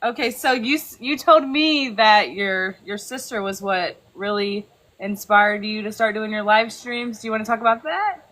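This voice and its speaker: A woman's voice: mid-range voice, normal speed, a bit bright. A woman interviewing a guest, asking questions and giving short encouraging replies. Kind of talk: casual interview.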